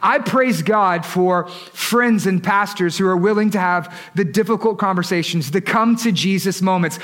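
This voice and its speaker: A man's voice: high-pitched, normal speed, a bit bright. A pastor in his thirties preaching a sermon in a conversational way, often asking the congregation questions. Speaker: lead pastor.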